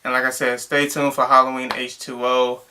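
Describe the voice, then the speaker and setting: Bright-voiced young man rambling a review. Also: mid-range voice, completely flat delivery, moderate pace, a little hiss or hum. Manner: rambling, exasperated, lots of "like". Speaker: movie reviewer. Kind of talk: casual vlog review.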